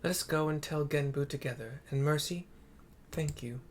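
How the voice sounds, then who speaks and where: A man's voice: fairly high pitch, slight background noise, lightly acted. A man reading a grieving ancient phoenix woman. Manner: solemn, measured storytelling.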